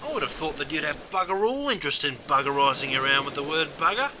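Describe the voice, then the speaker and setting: Talking fast with lively intonation, a slang explainer voices a cheeky Australian bloke in a thick, slang-heavy drawl full of "mate." His voice is on the high side, bright and forceful, and the banter has a larrikin feel, with slight background noise.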